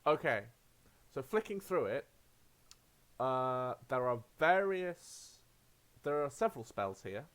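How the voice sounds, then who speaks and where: Game master dude, lots of ums, describes the scene and asks for dice rolls. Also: male voice, mid-range voice, sing-song, slow, long pauses, fairly bright tone, smooth. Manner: hesitant, with many ums and uhs. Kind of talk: tabletop role-play narration.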